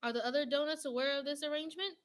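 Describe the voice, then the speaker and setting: Storybook role: a high, loud, fussy little doughnut fellow, outraged and overly polite, put on by a woman reading. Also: steady tone, rapid-fire, lightly acted. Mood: dismayed. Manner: polite, then shrill and outraged. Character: anxious, indignant male talking doughnut.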